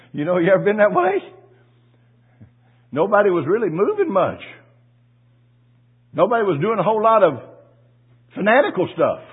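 A male pastor with a husky voice, a little high for a man, preaches a sermon full of storytelling in a folksy style. He stumbles over repeated words before building to loud cries of praise, and the audio is thin and narrow like a phone recording.

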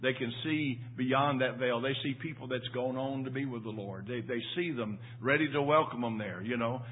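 A man's voice: medium pitch, moderate pace, husky. An older man preaching a sermon in a folksy storytelling way, repeating his words as he goes. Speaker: pastor. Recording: tinny phone-like sound.

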